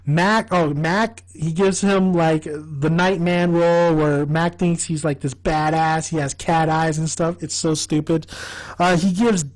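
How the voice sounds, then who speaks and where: A man giving a casual, rambling fan review of a TV comedy. He gets excitable, laughs often and swears freely. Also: a little high, measured pace, low-quality recording. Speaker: TV show reviewer.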